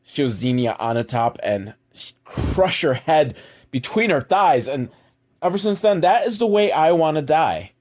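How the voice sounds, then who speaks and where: A man's voice: fairly high pitch, very animated, a little slow, darkish tone. A young adult man giving a crude, sarcastic comedic recap of a movie as the show's host. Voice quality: crude, sarcastic, mocking asides.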